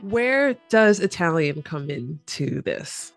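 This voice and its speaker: A woman hosting a podcast who asks curious, eager questions and reacts warmly to her guest. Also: on the low side, very animated, slow, no echo, faint music behind. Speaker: podcast host. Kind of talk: casual interview chat.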